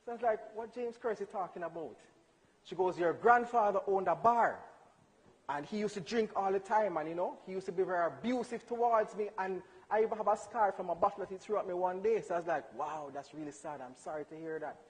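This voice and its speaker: A young man telling a funny personal story in church, animated and acting out dialogue with laughs. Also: high-pitched, fast talker. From Jamaica. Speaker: church speaker. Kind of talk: storytelling testimony. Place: church hall. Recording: hall reverb.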